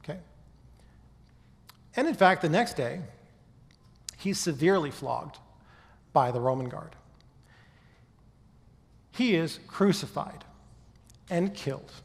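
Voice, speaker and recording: A man with a fairly high, gravelly voice lectures a live audience on faith and history, speaking slowly with lively intonation and frequent pauses. His manner is conversational and teaching, and he often checks in with "okay?" and "right?". The sound carries the feel of a big room.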